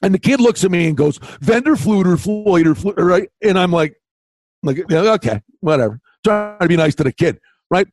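High-pitched, lively older storyteller man. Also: normal speed, no echo. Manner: animated storyteller, acts out quotes loudly. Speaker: podcast co-host. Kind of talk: casual chat. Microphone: remote call mic.

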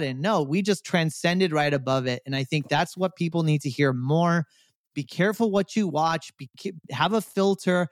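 A man's voice: a little high, moderate pace, no echo, clean studio sound. A man co-hosting a podcast, speaking in a passionate, emphatic way. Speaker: podcast co-host. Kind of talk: casual podcast chat.

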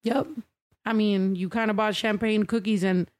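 A woman hosting a casual livestream, loud and excitable, out of breath and swearing freely. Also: medium pitch, normal speed. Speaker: livestream host.

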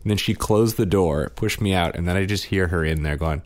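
A man co-hosting a parenting podcast, telling family stories in casual chat and sometimes mimicking his kids in a high voice. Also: big pitch swings, moderate pace, gravelly. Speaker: podcast co-host, father. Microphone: studio microphone.

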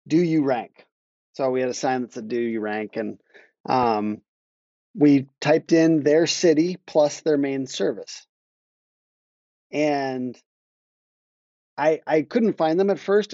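A man's voice: mid-range voice, dark tone, no echo, lo-fi sound. A man talking casually on a podcast about marketing, rambling and restarting his sentences as he tells a story. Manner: rambling, self-interrupting, laughs while telling stories. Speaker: guest, marketing agency owner.

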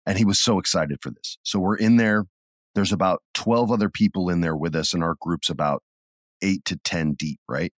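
On a casual podcast, a middle-aged co-host tells stories at a moderate pace in a fairly low, easygoing voice, breaking into loud bursts as he acts out the action. He sounds close-miked and dry, with no room around him.

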